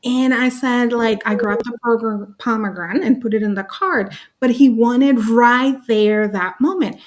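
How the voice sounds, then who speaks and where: A woman with a fairly high voice tells personal stories with real animation, acting out each voice as she goes. She speaks as a panelist over a video call. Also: a little slow, slight background noise. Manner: lively, acts out voices in her stories. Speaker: summit panelist, parent.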